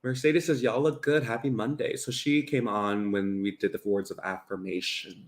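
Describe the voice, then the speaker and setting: A man's voice: fairly low pitch, little pitch movement, normal speed, roomy sound. Playful man co-hosting a home stream, teasing, casual comment reading. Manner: teasing, playful, reads viewer comments aloud. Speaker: live stream co-host. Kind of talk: casual live stream chat. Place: home kitchen.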